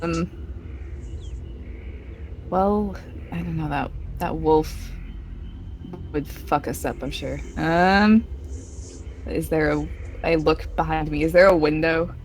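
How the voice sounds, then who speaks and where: Slow, hesitant woman player. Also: sits low, a little hiss or hum, low-quality recording. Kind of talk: casual tabletop play.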